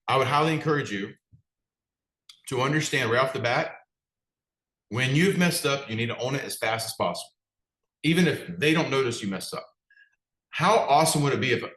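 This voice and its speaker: A man's voice: mid-range voice, fairly bright tone, roomy sound, rough recording. A man, a business coach, giving a direct, conversational motivational talk and putting questions to his audience. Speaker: business coach for martial arts school owners.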